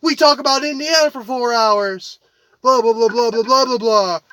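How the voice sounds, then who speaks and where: A man's voice: very high voice, moderate pace, sharp tone, clear, resonant tone, dry recording. A man doing a mocking impression of a rambling, self-promoting male ex-coach radio commentator. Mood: mocking drone.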